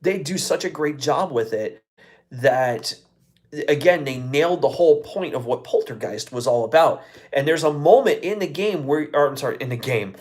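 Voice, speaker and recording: An American man hosting a live show, talking casually and excitedly, with heavy swearing and many fillers. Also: a little high. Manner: excitable, profane, lots of fillers. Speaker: podcast host. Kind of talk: casual live-stream chat.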